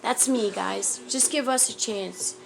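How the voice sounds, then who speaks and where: Recorded at a homeless shelter with heavy background noise and music clearly behind her, a New York mother makes a heartfelt, urgent appeal to camera for help. She speaks unhurriedly in a slightly high voice.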